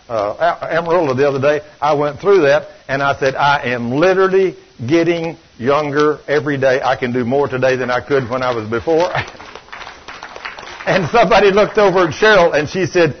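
A man in his sixties preaching a fervent, animated sermon and acting out quotes. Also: on the high side, normal speed. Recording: muffled lo-fi recording.

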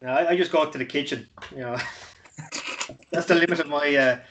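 A man in relaxed podcast chat, often dropping in "you know". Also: a little high, a little fast, noisy background. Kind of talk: casual chat.

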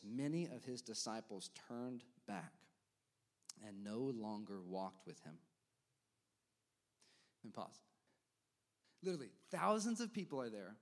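A man preaching a sermon as pastor, talking straight to the congregation and acting out the crowd's reactions. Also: mid-range voice. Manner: animated preaching, quick asides to the congregation, acts out crowd reactions.

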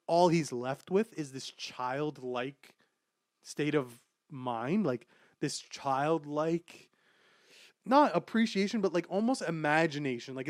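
A young adult man hosting a casual podcast about manga chapters, rambling with many fillers and growing excitable as he talks. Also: a little high, no room sound, studio quality. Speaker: podcast host.

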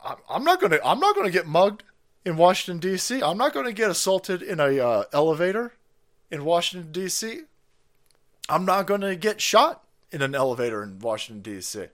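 A man's voice: sits high, brisk. A man hosting a stream, ranting profanely and laughing as he mocks other people's voices. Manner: foul-mouthed, laughing, animated ranting with mocking voices. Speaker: political stream host.

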